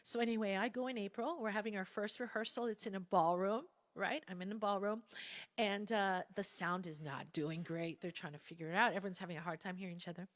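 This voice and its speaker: A woman speaking at a spiritual gathering, telling a candid personal story in a reflective, conversational way with soft asides. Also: medium pitch, fairly even intonation, fairly quick, dry recording. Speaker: guest speaker.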